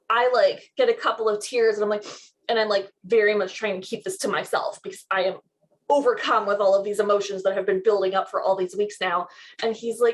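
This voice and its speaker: Female podcast co-host, higher voice, animated storyteller with lots of laughs and fillers. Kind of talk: casual storytelling chat.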